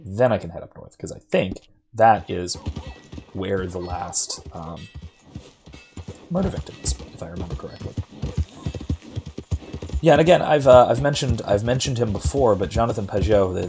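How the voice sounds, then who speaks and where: Low-voiced man chatting while gaming. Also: moderate pace, pauses often, a little mellow, faint music behind. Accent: general American. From Florida. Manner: thoughtful, rambling, many fillers and restarts. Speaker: streamer. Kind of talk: casual chat while gaming.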